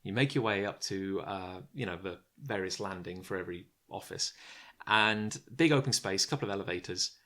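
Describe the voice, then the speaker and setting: A man's voice: sits low, moderate pace, sharp tone. A man hosting a casual podcast, telling a story with lots of fillers and frequent laughs. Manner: rambling storyteller, laughs often, many fillers. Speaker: podcast host. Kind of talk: casual chat.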